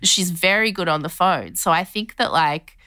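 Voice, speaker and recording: A woman co-hosting a podcast, chatting casually and telling stories in an animated way. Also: on the low side, moderate pace, no echo, studio quality. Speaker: podcast co-host. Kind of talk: casual chat, storytelling.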